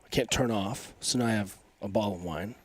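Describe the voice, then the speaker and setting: A man in his forties, stuffy from allergies, talking in an energetic, emphatic and rambling way as a podcast guest. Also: on the low side, brisk, breathy edge. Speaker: podcast guest, coach and physical therapist. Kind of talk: casual interview talk.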